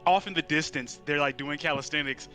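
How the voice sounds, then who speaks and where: A man's voice: a little high, fairly even intonation, fairly quick, pushed and bright, soft background music. A man player describing his character's actions in a tabletop game, rambling a little.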